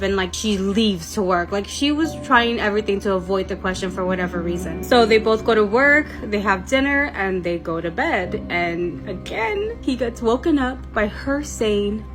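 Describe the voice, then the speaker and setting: A woman casually retelling a creepy story, chatty and animated, acting out the dialogue. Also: medium pitch, a little fast, few pauses, soft background music.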